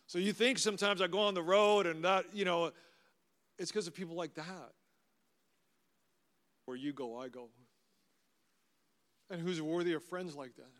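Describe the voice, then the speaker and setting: A middle-aged pastor with a high, steady voice tells personal stories at a fairly quick clip, delivering a conversational, warmly humorous storytelling sermon. His anecdotes ring out with the long reverb of a large hall.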